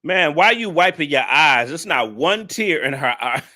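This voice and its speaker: Ranting bright-voiced male reaction host. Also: on the high side, expressive, normal speed. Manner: blunt, ranting, profane, scolding viewers. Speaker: male content creator reacting to a video. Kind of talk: casual reaction commentary.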